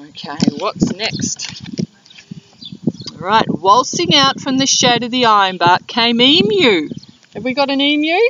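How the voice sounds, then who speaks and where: An Australian teacher reads a picture book aloud to young children, slowly and clearly, with a warm, encouraging manner. Her voice sits a little high. She is outdoors in a school playground, and the recording is dull and lo-fi, with wind rushing past the mic. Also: very animated.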